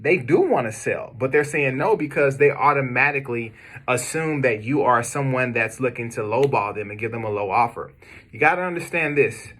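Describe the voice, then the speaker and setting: A man's voice: mid-range voice, bright, forceful tone. An American man giving his cold-calling team an emphatic, repetitive motivational training talk to camera. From United States. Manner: emphatic, repetitive, direct pep-talk delivery. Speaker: business owner coaching cold callers. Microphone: camera video, speaking to viewers.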